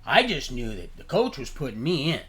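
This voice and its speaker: A man hosting a livestream, rambling from topic to topic in an animated, preachy way and laughing at his own remarks. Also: mid-range voice, a little fast. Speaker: livestream host.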